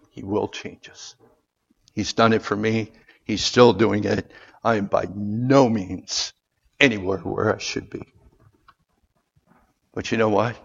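A man preaching a sermon, calling out for amens and moving between loud, raised lines and quiet, earnest asides. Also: lowish voice, gravelly, slightly rough. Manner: calls for amens from the congregation. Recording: dull lo-fi sound.

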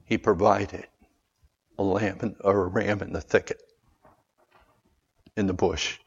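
A man preaching a sermon, calling out for amens and moving between loud, raised lines and quiet, earnest asides. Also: deep voice, flat delivery, unhurried, slightly rough. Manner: calls for amens from the congregation. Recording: dull lo-fi sound.

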